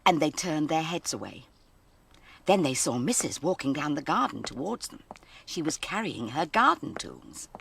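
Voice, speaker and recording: A woman presenting a children's programme, telling a story to young children in a gentle, sing-song way. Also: deep voice, very animated, moderate pace, gravelly, a little hiss or hum.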